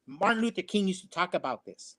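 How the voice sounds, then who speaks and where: Emphatic preachy man, high voice. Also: animated, a little fast, sharp tone. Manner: emphatic, preachy, repeats phrases. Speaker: co-host. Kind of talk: opinionated commentary.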